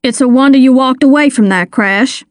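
A woman's voice: sits high, normal speed, dry recording, clean studio sound, natural voice. Woman doing a blunt old country doctor.

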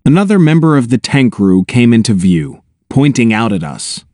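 A man narrating a storybook in the first person, with a wry, lively delivery. His pitch sits in the middle and swings widely. The recording is close and completely dry. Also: moderate pace, hardly any pauses, no echo. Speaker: audiobook narrator.

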